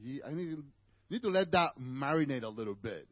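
A man's voice: medium pitch, animated, a little fast, no echo, dull audio. A man with a Spanish accent, native Spanish speaker, preaching a conversational sermon to a church congregation with asides to the listeners.

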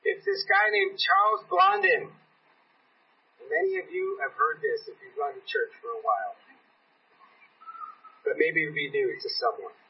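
A man's voice: very high voice, big pitch swings, measured pace, vocal fry, long pauses. A man preaching a sermon in a church, telling a story and acting out the voices of the people in it. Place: church sanctuary. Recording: dull, lo-fi recording from a distance.

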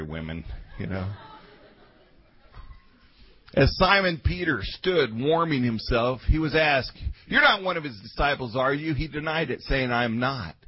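Husky-voiced man preaching a sermon. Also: on the high side. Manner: dramatic swings between loud outbursts and quiet asides. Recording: dull lo-fi sermon recording.

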